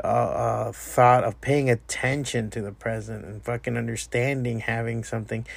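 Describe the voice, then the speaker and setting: A man's voice: mid-range voice, creaky, no room sound. Profane ranting man, dry close sound. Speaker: podcast host. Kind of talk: ranting solo podcast monologue.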